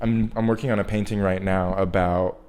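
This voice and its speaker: A man's voice: low-pitched, steady tone, brisk, darkish tone, clear, resonant tone. A man in his twenties from New York, a guest artist chatting casually and meandering, full of "like" and restarts. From New York, USA. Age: 20s. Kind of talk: casual interview chat.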